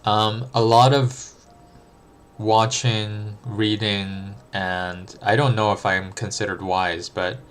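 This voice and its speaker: A man's voice: on the low side, level tone, slow. A young adult man streaming live, answering chat in a reflective, thinking-aloud way with frequent ums and restarts. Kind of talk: casual livestream chat.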